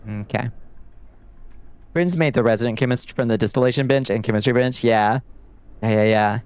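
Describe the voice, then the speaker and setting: A man's voice: mid-range voice, normal speed, darkish tone, smooth. A man streaming a video game from home, chatting loosely with viewers and swearing casually, with lots of fillers. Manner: loose and profane, rambling with fillers. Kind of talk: casual gameplay chat with viewers.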